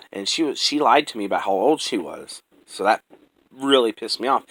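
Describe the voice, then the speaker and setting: Low-voiced man rambling through his story. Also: fairly bright tone, no echo, rough recording. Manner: rambling, profane, many restarts; earnest, close to emotion. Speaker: storyteller recounting his own life. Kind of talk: casual personal storytelling.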